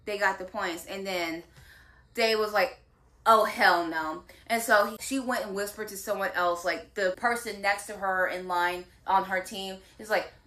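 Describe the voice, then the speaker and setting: A woman talks through a show recap in a relaxed, conversational way. Her voice is bright and tense at the edges, and her pitch sits in the middle. She slips into the characters' lines as she retells the scenes. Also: moderate pace. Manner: animated retelling with acted-out quotes. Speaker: drama recap co-host. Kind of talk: casual chat.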